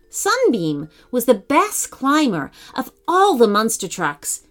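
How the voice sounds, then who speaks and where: A woman narrating a children's story in an expressive, animated reading voice. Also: fairly high pitch.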